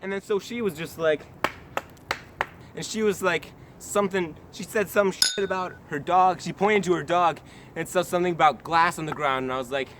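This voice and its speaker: A man's voice: sits high, normal speed, background noise. A young man from the US, a vlogger telling a rambling comic story in a mock-serious tone, recording himself outdoors on a handheld camera. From United States. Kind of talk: comedic storytelling vlog. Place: outdoors on a trail in woods.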